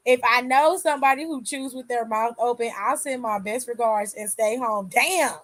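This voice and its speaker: High pitched woman w/ AAVE, chatting on a stream, swears a lot, dry close sound. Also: moderate pace, a bit bright, dry recording. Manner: candid, swears freely, laughs often. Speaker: aftershow host reading chat. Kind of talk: casual livestream chat.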